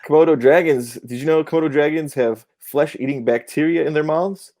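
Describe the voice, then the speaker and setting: A man's voice: fairly high pitch, moderate pace, hardly any pauses, darkish tone. A man on a podcast delivering a run of short stand-up jokes with giggles. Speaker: comedy segment guest.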